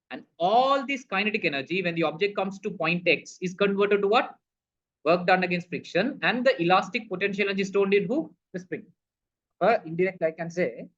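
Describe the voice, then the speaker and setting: This recorded physics lesson has dull lo-fi quality. The teacher, a man whose voice sits high with a fairly bright tone, walks through a problem by questioning and answering himself while calling his students "people".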